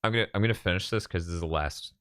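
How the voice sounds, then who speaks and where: A man's voice: low voice, rapid-fire, a bit bright, soft background music. A man hosting a casual podcast, telling stories animatedly and swearing casually. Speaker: podcast host. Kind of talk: casual chat.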